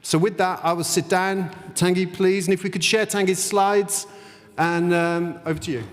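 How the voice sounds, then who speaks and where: A man's voice: high-pitched, steady tone, moderate pace. A man moderating a conference panel in an informal, light-hearted way, in a windowless conference room. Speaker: session moderator. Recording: long hall reverb.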